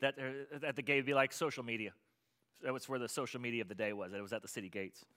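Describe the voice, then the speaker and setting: Male pastor, bright tone, sermon delivery with big swings between fervent pleading and quiet teaching. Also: medium pitch, fairly even intonation, fast. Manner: swings from loud impassioned pleading to quiet explaining.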